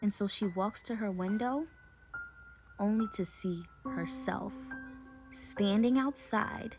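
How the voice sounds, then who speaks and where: A young woman casually retelling a creepy story in a chatty, slangy way, with dramatic pauses. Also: mid-range voice, over music.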